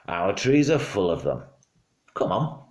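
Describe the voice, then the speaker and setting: A man doing a low, muttering storybook father. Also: very animated, measured pace. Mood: firm. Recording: roomy home room.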